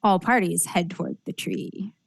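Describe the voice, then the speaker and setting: A woman's voice: fairly low pitch, normal speed, vocal fry, dry recording. A woman narrating a tabletop role-playing game as game master, describing scenes with frequent fillers and restarts.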